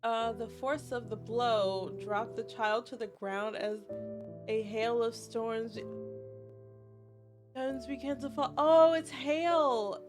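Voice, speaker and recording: A woman streamer reading a game's story aloud with emotional live reactions, swearing often and exclaiming loudly. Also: fairly high pitch, fairly even intonation, takes it slowly, pauses often, music in the background.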